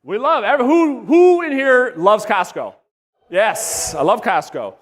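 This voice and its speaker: A man coaching real estate agents at a live workshop, energetic and blunt, swearing and quizzing the audience, his voice wearing out. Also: very high voice, measured pace. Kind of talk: live workshop teaching to a room. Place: large room with live audience. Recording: long hall reverb.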